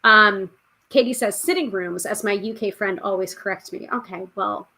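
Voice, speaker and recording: A woman's voice: mid-range voice, normal speed, sharp tone. A woman hosting a tarot podcast live stream, chatting casually and reading out viewer comments. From United States. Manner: chatty, reads out viewer comments, frequent fillers.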